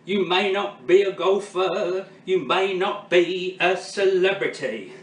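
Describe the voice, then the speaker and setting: A cheeky, showy game-show host of 87 , played by a man doing an impression, all teasing patter and quips. His voice sits a little high and drawls slowly. It is heard from a distance with plenty of roomy echo. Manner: quipping, teasing, showbiz patter. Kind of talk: comedy sketch impression.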